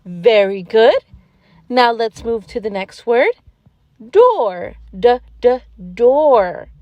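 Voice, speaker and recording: A woman voicing a gentle, patient gazelle schoolteacher who leads a preschool letter lesson in a sing-song, encouraging way and praises often. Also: a little high, animated, drawn-out words, no echo, highs cut off. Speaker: preschool teacher.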